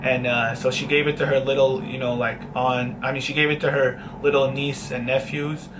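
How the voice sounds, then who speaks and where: A man's voice: mid-range voice, level tone, normal speed, background noise. A young man vlogging, telling a long casual story with swearing and mock-dramatic sad asides.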